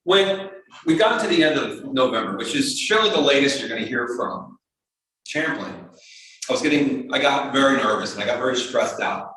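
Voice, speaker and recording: A man giving a storytelling talk to an astronomy club, lively and acting out the voices of other people. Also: moderate pace. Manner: animated, acts out quoted voices in a higher pitch. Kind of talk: storytelling lecture. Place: community hall talk. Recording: very echoey hall, speaker far from mic.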